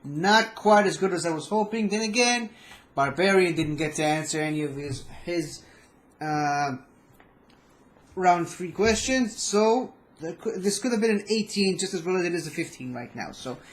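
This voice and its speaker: High-voiced man reacting casually. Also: lively intonation, a little slow. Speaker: reaction video host.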